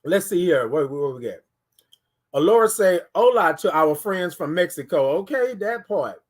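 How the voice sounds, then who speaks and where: A man hosts a casual morning livestream. His voice sits high, and he talks to the viewers in an animated way, reading their comments back to them. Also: moderate pace. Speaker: livestream host.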